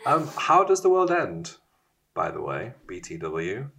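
A man's voice: on the low side, wildly swooping pitch, measured pace, vocal fry, a bit bright, a little hiss or hum. A man hosting a casual chat, teasing his guest and laughing often. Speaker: host.

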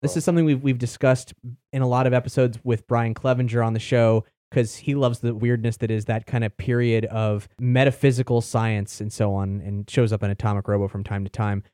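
A man's voice: medium pitch, fairly even intonation, a little fast, mellow, clear, resonant tone, no echo. Chatty rambling man, dry sound. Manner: rambling, chatty, laughs often, swears casually. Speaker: podcast host. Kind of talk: casual chat.

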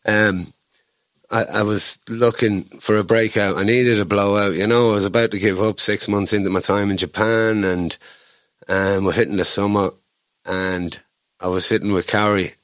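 A man's voice: fairly low pitch, fairly even intonation, moderate pace, no echo. An Irish man, a guest, telling a rambling story with lots of restarts and acted-out quotes. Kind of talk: casual anecdotal storytelling.

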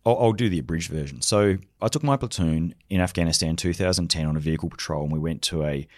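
A middle-aged Australian man with a low, deep voice tells vivid military anecdotes, slipping into the voices of the people he quotes. He sounds close and dry, with no room echo. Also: fast. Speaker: leadership consultant, special forces veteran. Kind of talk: storytelling podcast conversation.

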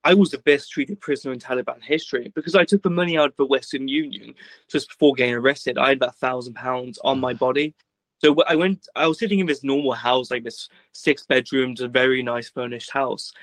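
Young British man, guest, gravelly, dry close sound, easygoing rambler. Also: mid-range voice, brisk, fairly bright tone, no room sound, rough recording. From Britain. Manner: rambling, laid-back, full of "like" and quoted dialogue. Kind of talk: casual storytelling.

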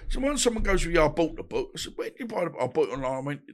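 A man's voice: fairly high pitch, sing-song, rapid-fire. A man, telling stories bluntly in a casual interview and acting out the dialogue he quotes. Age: 50s. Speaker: guest, boxer.

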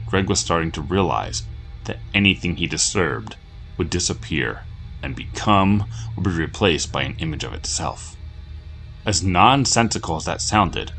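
A man narrating a horror story in a low, measured, steady delivery.

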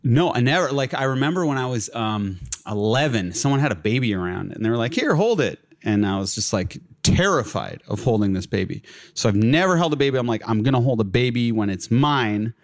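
A man's voice: medium pitch, a little fast. Rambling young man telling stories. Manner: rambling, filler-heavy, laughs through his stories. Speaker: guest. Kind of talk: casual storytelling.

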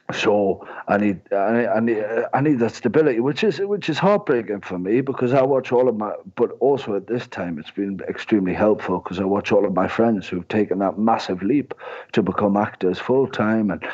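A man's voice: sits low, a little mellow. A man, giving long, rambling, self-mocking answers as an interview guest. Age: 20s. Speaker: guest, comedian and sales director. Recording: dull lo-fi sound.

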